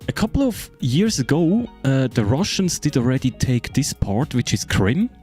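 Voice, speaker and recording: A man's voice: mid-range voice, very animated, moderate pace, a little mellow, faint music behind. A German man whose first language is German, speaking with a German accent. He chats loosely to friends with lots of fillers, swearing, and repeated checks like "right?". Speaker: game streamer. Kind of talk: casual chat explaining a map to friends.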